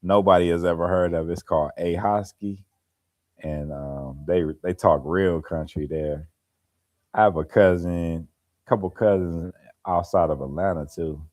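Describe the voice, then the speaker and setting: A man's voice: low-pitched, steady tone, measured pace, darkish tone. A laid-back man chatting casually on a live stream, telling stories and laughing as he goes. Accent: African American Vernacular English. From American Midwest or East Coast. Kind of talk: casual chat.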